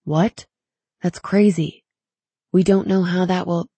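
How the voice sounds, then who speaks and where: A sleepy teenage boy from a storybook, speaking in a dark, husky murmur, as a woman reading aloud puts him on. His words come soft and low, recorded close in a dry space. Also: steady tone, takes it slowly, dry recording, exaggerated voice. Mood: urgent. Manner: low murmured lines, often whispered.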